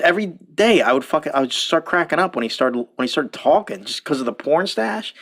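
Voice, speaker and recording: A man's voice: a little high, fairly bright tone. A man hosting a podcast, telling profane, rambling stories in casual chat and laughing often. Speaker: podcast host.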